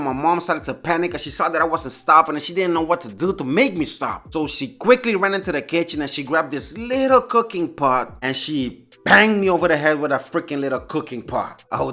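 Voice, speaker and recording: A man hosting a comedic storytelling vlog, playful and animated, with a casual, chatty delivery. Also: a little high. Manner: animated and playful, keeps saying "my dude". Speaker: channel host telling a childhood story.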